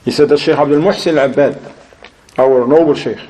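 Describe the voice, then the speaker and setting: A man giving an Islamic lecture in a storytelling style, animated and laughing often, mixing Arabic religious phrases into his talk. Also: on the high side, brisk, poor audio. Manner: animated, acts out quoted voices, laughs often.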